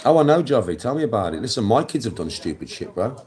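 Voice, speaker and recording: This fast-talking, very animated middle-aged man has a mid-range voice with a darkish tone and an English accent. He hosts a live stream, aiming a coarse, blunt, swearing monologue straight at the viewer while lecturing them and answering chat.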